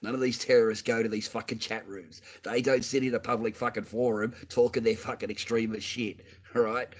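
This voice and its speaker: A man's voice: medium pitch, level tone, a little fast. A man of fifty, hosting a livestream and talking in a blunt, profane, heated rant into a computer mic. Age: 50s. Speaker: livestream host answering donations.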